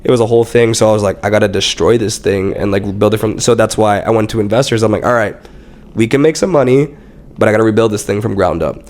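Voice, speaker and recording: A young man with a fairly low voice talks fast as a startup founder on a podcast. In casual interview chat, he tells animated stories, acting out what people said to him and swearing a lot.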